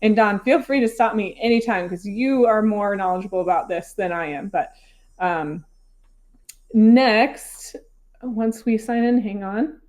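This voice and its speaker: A woman's voice: medium pitch, a little slow, a little mellow. A woman hosting an interview, asking questions and walking through an app in a chatty, informal way with fillers like "um" and "like". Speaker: interviewer, host. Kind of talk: casual interview and software walkthrough.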